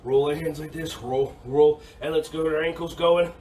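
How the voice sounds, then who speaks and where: A man leading a kids' yoga and karate class, cheerful and encouraging, repeating his praise and sometimes bursting into shouts. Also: a little high, steady tone, moderate pace, distant mic, a little hiss or hum. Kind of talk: upbeat kids' class instruction. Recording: echoey room, voice off-mic.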